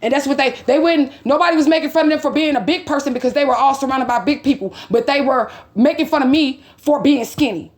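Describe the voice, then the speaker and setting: A woman's voice: high-pitched, quick pace, hardly any pauses, darkish tone. A woman vlogger angrily telling a personal story, cursing often and retelling a quarrel in quotes.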